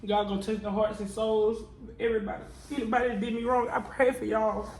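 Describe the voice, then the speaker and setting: A woman's voice: a little high, flat delivery, brisk, a little mellow, poor audio. A tearful woman vlogger talking to her viewers in an emotional confessional vlog, repeating herself in a prayerful, testifying way.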